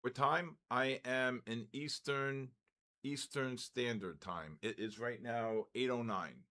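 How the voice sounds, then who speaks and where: An older man hosting a live trading stream, giving excitable market commentary, greeting viewers and stumbling over his words. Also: medium pitch, takes it slowly.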